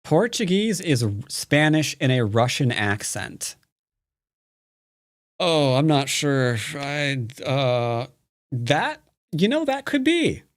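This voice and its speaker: Playful, animated male Go streamer. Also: on the high side, slow pace, dry recording, clean studio sound. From United States. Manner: playful, joking asides to chat; rambling with many fillers and restarts. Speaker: Go teacher streaming a game. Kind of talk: casual live-stream game commentary.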